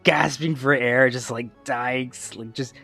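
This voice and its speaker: Podcast host, male, mid-pitched, animated storyteller who laughs and slips into voices, faint music behind. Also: unhurried, vocal fry. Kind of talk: casual storytelling chat.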